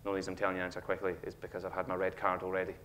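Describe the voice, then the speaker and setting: A man in his thirties with a Scottish accent, giving a humorous motivational talk on stage and acting out a child's lines with animated storytelling. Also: sits low, rapid-fire, a little hiss or hum. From Scotland. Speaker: speaker. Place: auditorium stage.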